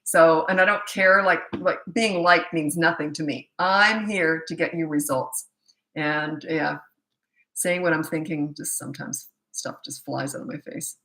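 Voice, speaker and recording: Blunt, bright-voiced woman parenting coach. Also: sits low, steady tone, a little slow. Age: middle-aged. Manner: blunt, tactless, laughs at herself. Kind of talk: live Q&A answering viewer questions.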